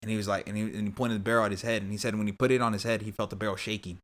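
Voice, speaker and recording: Brief: young guy, fast rambling storyteller, lowish voice, podcast guest. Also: steady tone. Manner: rambling, full of "like" and restarts. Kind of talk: casual storytelling.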